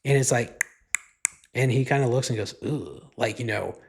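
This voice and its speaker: A man's voice: medium pitch, fairly even intonation, moderate pace, vocal fry, a little hiss or hum. A man hosting a podcast, talking in a casual, rambling and profane way, with "like" in nearly every sentence. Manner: rambling, profane, heavy use of "like". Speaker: podcast host. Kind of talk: casual solo podcast monologue.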